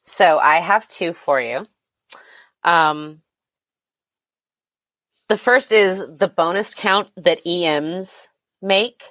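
Low-voiced, chatty woman. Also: extremely slow, long pauses, fairly bright tone, no room sound. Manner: enthusiastic, chatty with many fillers. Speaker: podcast guest. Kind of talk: casual chat.

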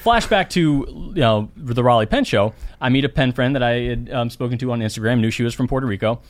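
A man's voice: mid-range voice, quick pace. A man co-hosting a podcast in casual chat, telling self-deprecating stories and acting out the voices of the people in them. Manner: animated storyteller, acts out quoted voices. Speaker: podcast co-host.

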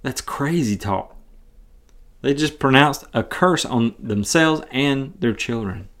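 A man's voice: mid-range voice, takes it slowly, a bit bright. Earnest man teaching the Bible. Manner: earnest, conversational, frequent restarts. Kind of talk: casual Bible study teaching.

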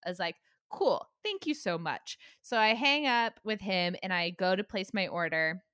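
A woman's voice: medium pitch, lively intonation, normal speed, sharp tone, clear, resonant tone, dry recording, studio quality. A young woman in casual chat, animatedly retelling a frustrating story with quoted dialogue, swearing and laughing.

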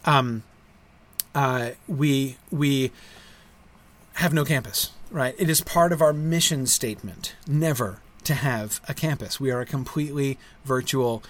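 A middle-aged man talking casually to viewers as a school founder, halting with many fillers and restarts and a frequent tag question at the end of his points. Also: mid-range voice. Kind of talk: casual livestream talk.

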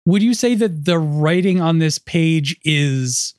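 A man's voice: a little high, expressive, takes it slowly, darkish tone, no room sound, studio quality. A man co-hosting a podcast in casual chat, talking hesitantly with lots of "like" fillers. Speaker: podcast co-host.

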